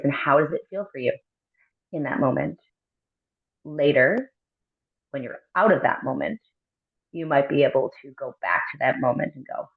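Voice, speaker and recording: A woman mindfulness coach explaining her practice as an interview guest, gently, with frequent ums and tag questions. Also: deep voice, slightly rough. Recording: tinny phone-like line.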